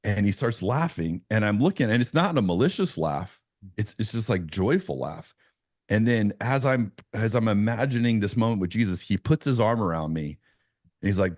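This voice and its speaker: A man with a very low voice, talking as a pastor on a podcast. He tells his story earnestly, often restarting his phrases. The sound is dry and close. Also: expressive, moderate pace, no room sound. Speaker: pastor, guest. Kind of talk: conversational podcast interview.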